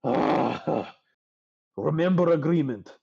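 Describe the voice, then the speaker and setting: A man's voice: a little high, lively intonation, takes it slowly, gravelly, warm tone, husky, exaggerated voice. A man voicing a bulky, nervous male tavern keeper who speaks broken English and stammers, on slightly dull audio. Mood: urgent.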